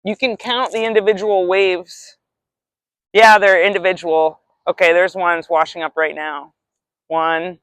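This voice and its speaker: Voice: medium pitch, fairly even intonation, measured pace, a bit bright, smooth, dry recording. A vlogger talks in a loose, rambling way about spiritual ideas, reflective and now and then swearing. The voice sits mid-range, recorded dry and close outdoors by the shore. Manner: rambling, reflective, casually profane. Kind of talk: casual spiritual musing.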